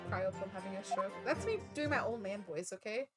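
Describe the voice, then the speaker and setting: A woman's voice: mid-range voice, animated, brisk, loud music behind the voice. A woman streamer casually joking and swearing while playing a courtroom game.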